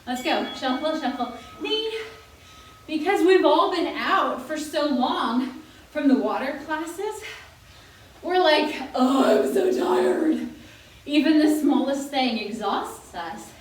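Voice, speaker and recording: A young woman instructs a senior workout class, exercising with the group while she chats, jokes and encourages them. Her voice sits high, expressive and slow-paced, captured from far off in a very echoey room.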